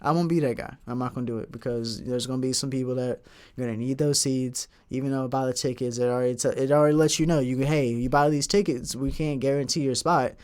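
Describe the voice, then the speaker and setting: A young man talks alone on his podcast in a loose, rambling way, full of slang and asides. His voice sits at an ordinary middle pitch, and he drifts from one thought to the next without hurry. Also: fast, clean tone. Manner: rambling, relaxed slang-filled talk. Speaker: podcast host. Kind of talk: casual solo podcast talk.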